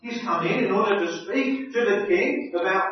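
Male preacher, high and animated, emphatic; roomy distant church recording. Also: moderate pace, a little hiss or hum. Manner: animated, emphatic, repeats key phrases. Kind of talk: expository sermon. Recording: echoey hall, distant mic, dull sound.

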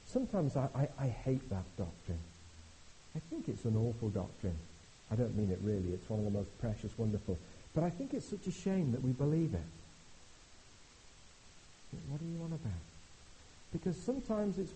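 A middle-aged man preaching an animated, conversational sermon, swinging from hushed asides to loud exclamations. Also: medium pitch, normal speed, a little hiss or hum, poor audio. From Britain. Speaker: visiting preacher.

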